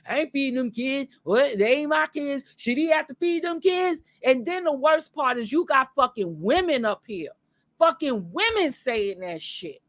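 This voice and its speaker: A woman's voice: on the high side, no room sound. A woman in her late thirties ranting to camera in a heated, profane way. She swears constantly and repeats points for emphasis. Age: late 30s. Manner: loud, swearing, repetitive, emphatic. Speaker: vlogger.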